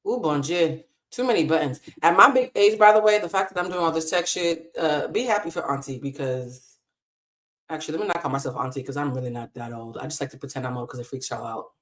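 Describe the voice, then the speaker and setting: Speaking low and fast into a desk mic in a hotel room, a woman hosts a live stream. Her talk is casual, impassioned and emotional, and she swears freely.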